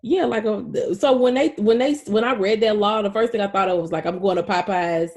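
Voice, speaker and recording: Young adult woman, podcast co-host, casual chat, swears a lot, animated storyteller. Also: mid-range voice, a little fast.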